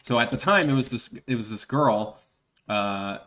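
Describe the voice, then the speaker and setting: A man telling rambling anecdotes in a relaxed, casual streaming chat. He laughs through his stories and restarts his sentences often. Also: medium pitch, normal speed, slight background noise. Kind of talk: casual chat while drawing.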